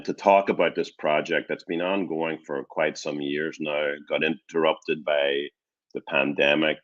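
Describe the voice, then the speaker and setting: A man's voice: a bass voice, highs cut off. A man with a Northern Irish accent gives a friendly, enthusiastic academic talk over a video call, chatty and loose with restarts. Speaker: guest lecturer, crime researcher.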